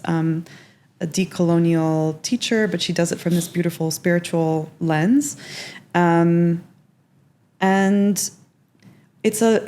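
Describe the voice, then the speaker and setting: A woman's voice: on the low side, creaky, darkish tone. A woman speaking as a guest in a casual interview. She talks earnestly and reflectively, with many "like" fillers. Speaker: podcast guest.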